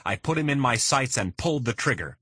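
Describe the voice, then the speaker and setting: A man narrating a first-person crime thriller in a steady, measured reading. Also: medium pitch, breathy edge, dry recording. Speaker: audiobook narrator.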